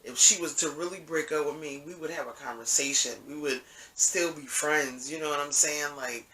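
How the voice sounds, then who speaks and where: A man's voice: a little high, normal speed, sharp tone, a little hiss or hum. A man telling a story in a casual monologue, rambling and profane, often asking "you know what I'm saying". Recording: echoey room, mic at a distance.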